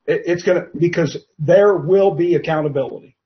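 A man's voice: on the high side, brisk, dull audio. A man on a talk show speaking in an earnest, emphatic way and repeating key words.

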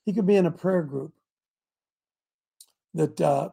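Gravelly high-voiced preachy man. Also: a little slow. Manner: preachy, builds to shouting. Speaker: show host. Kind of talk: call-in talk show.

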